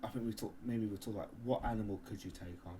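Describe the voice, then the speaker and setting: A loud, joking man trading crude banter on a casual podcast, his voice sitting fairly low. He swears freely and breaks into laughter often, with a faint hiss of noise under the recording. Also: fairly even intonation, fast. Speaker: podcast co-host.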